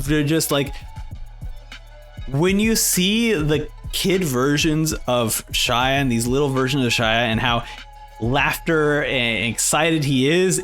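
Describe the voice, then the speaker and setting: A young man hosting a manga reading reaction, excited and animated as he talks. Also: medium pitch. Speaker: reaction host.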